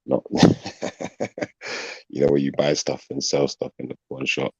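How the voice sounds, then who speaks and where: A man's voice: a bass voice, monotone, takes it slowly, a little mellow, slightly rough, dry recording, dull audio. A man from England chatting casually on a panel, rambling and laughing often.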